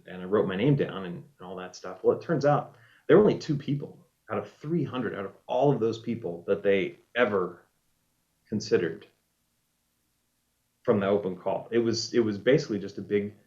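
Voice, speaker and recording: A man, a former reality show contestant, casually telling a story in an animated way and acting out what people said. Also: fairly low pitch, normal speed. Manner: animated storyteller, acts out quoted lines. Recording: dull lo-fi audio.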